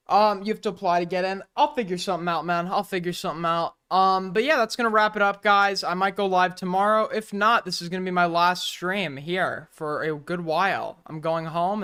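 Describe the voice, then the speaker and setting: A man's voice: high voice, pushed and bright, clean tone. A man streaming live, reacting to a video with blunt, profane, mocking commentary.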